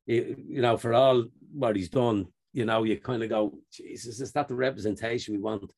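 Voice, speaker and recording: A man co-hosting a casual podcast, chatting with friends and telling animated stories, laughing often and acting out what others said. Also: mid-range voice, normal speed, gravelly, hardly any pauses. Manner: animated storyteller, laughs often, acts out quotes. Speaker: podcast co-host. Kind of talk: casual banter among friends.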